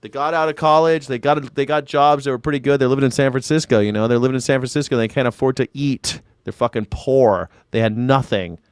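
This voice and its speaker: A man's voice: medium pitch, fast, few pauses, clean tone, dry recording. A male independent commentator chatting casually with his stream viewers, rambling, sarcastic and full of profanity. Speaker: independent news and culture commentator. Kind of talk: casual livestream chat reading viewer comments.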